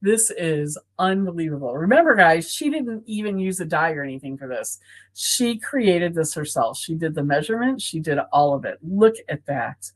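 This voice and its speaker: A woman's voice: low voice, very animated, moderate pace, poor audio. A woman co-hosting a live craft showcase, gushing with enthusiasm over handmade cards. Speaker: co-host. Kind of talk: live product showcase chat.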